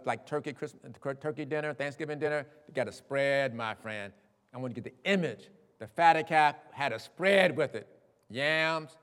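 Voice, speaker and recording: A male preacher with a high voice talks straight to his listeners in a folksy, conversational sermon. His voice carries a long reverb, and he sinks low for quiet asides. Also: normal speed. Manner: conversational, direct address to listeners. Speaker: pastor.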